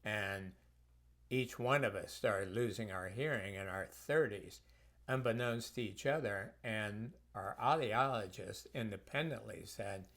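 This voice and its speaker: A man's voice: lowish voice, a little slow, fairly bright tone. A man who works as a health practitioner, telling reflective personal stories in a conversational way for a course video.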